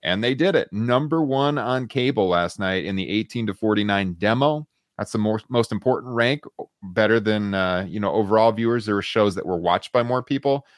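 Low-voiced man recapping ratings. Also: dry recording, clean studio sound. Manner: steady, fact-heavy, quick asides. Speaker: podcast host. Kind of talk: casual news recap.

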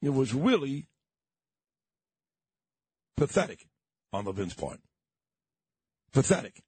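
A man's voice: mid-range voice, big pitch swings, takes it slowly, darkish tone, husky, no echo. A man with a New York accent hosting a morning radio talk show, ranting in a combative, indignant way and repeating his points. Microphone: studio microphone.

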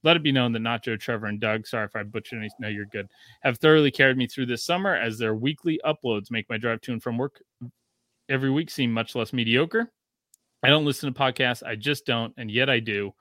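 Bright-voiced joking podcast host man. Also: mid-range voice, a little fast, no echo, clean studio sound. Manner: joking, profane, animated. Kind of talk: casual podcast chat, reading a listener review.

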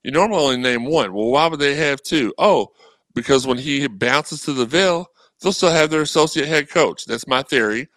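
A man chatting casually on a sports podcast, animated and rambling, acting out messages from fans. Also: mid-range voice, normal speed, no echo, poor audio. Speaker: guest co-host.

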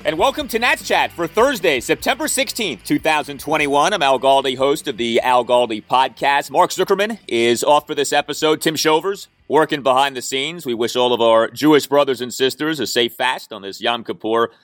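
A man's voice: mid-range voice, expressive, normal speed, hardly any pauses, fairly bright tone, no echo, soft background music. Sports podcast host, male, emphatic and opinionated, dry close studio sound. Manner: emphatic, opinionated, stats-heavy. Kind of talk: sports talk podcast monologue.

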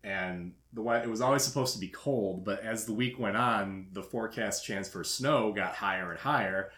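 Animated man telling a game-day story. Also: lowish voice, normal speed. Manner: animated storyteller, laughs often. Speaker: podcast host. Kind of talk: casual chat. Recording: echoey room.

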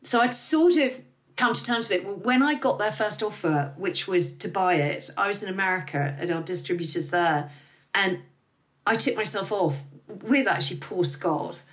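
A middle-aged woman, a business founder guesting on an interview, talking candidly and lively and swearing freely. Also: mid-range voice, normal speed. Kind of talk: casual interview talk.

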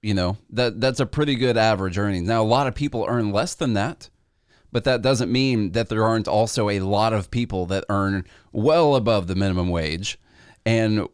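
A man's voice: fairly low pitch, moderate pace, clean tone, no room sound, studio quality. A man co-hosting a podcast, chatting casually about the news, laughing easily and stumbling over names. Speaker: podcast co-host.

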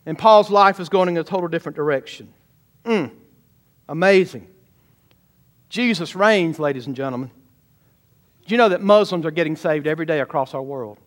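A man's voice: fairly high pitch, normal speed, pauses often. A man, a pastor, preaching a sermon emphatically and often calling out questions to his congregation.

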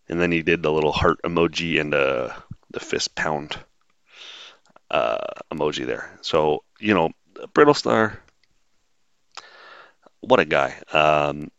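Deep-voiced sarcastic man, dry dull sound. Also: lively intonation, takes it slowly, creaky, pauses often, a bit bright, clear, resonant tone, no room sound. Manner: sarcastic, blunt, rambling with fillers. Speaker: podcast host. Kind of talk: solo podcast monologue.

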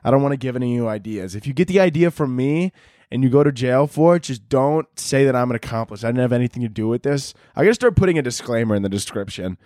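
A man's voice: mid-range voice, animated, fast talker, darkish tone, dry recording, clean studio sound. A young man hosting a podcast, ranting in a crude, rambling comedic monologue and laughing often. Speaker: podcast host.

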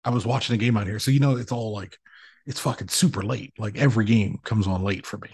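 A man in his thirties co-hosting a podcast, rambling through animated stories with plenty of swearing. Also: fairly low pitch, fast talker, husky, no room sound. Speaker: podcast co-host. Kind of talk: casual chat.

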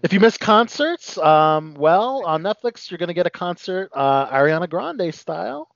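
Animated man hosting entertainment chat. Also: high-pitched, moderate pace, vocal fry, no echo. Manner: animated, reads news items with laughs. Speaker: host. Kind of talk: casual entertainment news chat. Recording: dry, dull lo-fi sound.

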